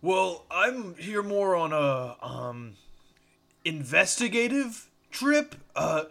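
Bright, stammering male tabletop player. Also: high-pitched, very animated, slow, creaky. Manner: stammering, playful, swearing. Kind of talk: in-character tabletop role-play.

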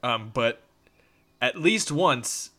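A man playing a tabletop game, reading spell rules in a casual, hesitant way. His voice is bright and at a middle pitch. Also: lively intonation, very slow. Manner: hesitant, full of "uh" and "um". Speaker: player.

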